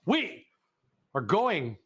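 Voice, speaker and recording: High, lively, clowning telethon host man. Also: drawn-out words, husky. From Midwest. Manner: playful, goofy, teasing the audience. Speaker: telethon host running a donation auction. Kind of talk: live fundraising stream, auction calling.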